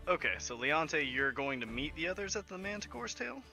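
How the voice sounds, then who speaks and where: A man narrating as game master in a relaxed, hesitant way with frequent fillers. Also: a little high, brisk, gravelly, over music.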